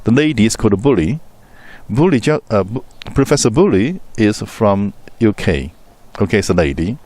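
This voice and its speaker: Low-voiced man with a Chinese accent. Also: big pitch swings, normal speed, a little mellow. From China. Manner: storytelling with simple, broken grammar. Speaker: host. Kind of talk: casual conversation.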